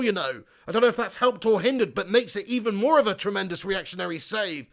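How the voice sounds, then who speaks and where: Excitable football watch-along host. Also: male voice, high voice, fast. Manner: excitable, shouting at big chances, reads out chat comments. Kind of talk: live match commentary and chat reading.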